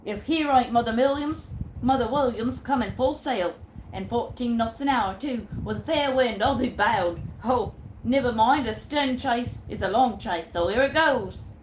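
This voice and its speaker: A woman voicing a brash, cheeky male sailor with an English accent, talking loudly in a roomy space. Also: very high-pitched, unhurried, a little hiss or hum. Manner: loud, excited sea talk. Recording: roomy echo.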